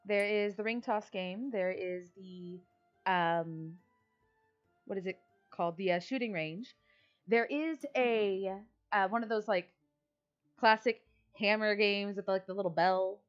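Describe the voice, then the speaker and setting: A woman's voice: mid-range voice, unhurried, smooth, faint music behind. Brief: laid-back woman game master, hesitant and chatty, muffled lo-fi stream mic. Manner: casual, hesitant, many fillers. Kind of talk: narrating a tabletop game.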